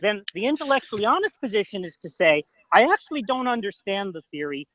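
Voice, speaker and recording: Insistent man with a lively, swooping voice. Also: high voice, fast talker, highs cut off. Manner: insistent, interrogating, repeats "right?". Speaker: debater defending a theory. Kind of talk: heated online debate.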